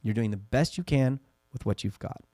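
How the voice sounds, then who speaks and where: A man in his thirties co-hosting a casual podcast chat, telling parenting stories in an earnest, animated way. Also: medium pitch, normal speed, slightly rough, no room sound, clean studio sound. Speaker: podcast co-host.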